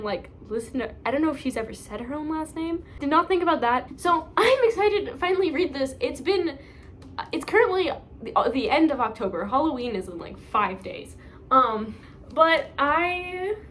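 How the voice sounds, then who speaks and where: A woman's voice: high-pitched, a bit bright, a little hiss or hum. A young woman vlogging casually about her reading pile, rambling, self-mocking and full of fillers. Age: young adult. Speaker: book vlogger. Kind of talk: casual chat.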